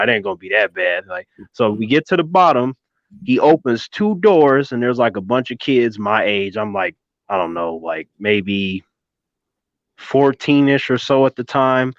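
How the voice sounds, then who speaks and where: A man in his thirties telling a story in a casual chat, animated and swearing, on a dull, dry recording. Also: mid-range voice, no room sound. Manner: animated, swearing, keeps addressing his co-host by name. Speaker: podcast co-host.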